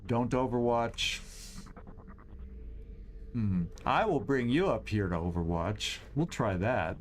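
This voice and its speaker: A man hosting a game stream, thinking aloud through his moves, tallying enemies and cheering loudly at big shots. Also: mid-range voice, expressive, slow, slight background noise. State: has the hiccups. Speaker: host. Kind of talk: gameplay commentary.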